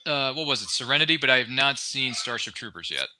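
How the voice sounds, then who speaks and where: A man hosting a casual movie watch-along, upbeat and quick to laugh at himself. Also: mid-range voice, expressive, a crowd in the background. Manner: upbeat, laughs often, self-deprecating.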